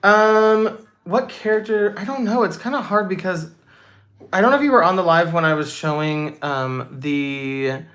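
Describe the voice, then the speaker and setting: A young woman hosting a casual livestream Q&A, reading out chat comments in a bubbly, chatty way with quick asides. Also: lowish voice, fairly bright tone. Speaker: livestream host.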